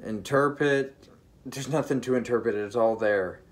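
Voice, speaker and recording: A vlogger sharing a vision, this man speaks at medium pitch, giving a personal spiritual testimony directly to his viewers. He's earnest and emphatic but halting, frequently restarting his sentences.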